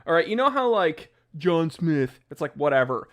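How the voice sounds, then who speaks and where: A man's voice: a little high, sing-song, normal speed, fairly bright tone. Joking, ranting man hosting a livestream. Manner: joking, ranting, reads chat names aloud. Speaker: watch channel host. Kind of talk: casual livestream chat. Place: home office.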